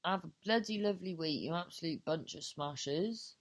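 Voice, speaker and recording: A woman's voice: lowish voice, moderate pace. A woman hosting her own podcast, improvising a silly story with lots of restarts, swearing freely and joking at her own expense. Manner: swears freely, self-mocking humour. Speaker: podcast host and comedian. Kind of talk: casual solo podcast chat.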